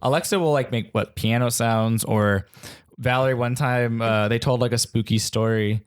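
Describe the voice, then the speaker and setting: Wisecracking mid-pitched podcast man. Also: fairly even intonation, moderate pace, smooth. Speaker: podcast co-host. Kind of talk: casual comedic chat.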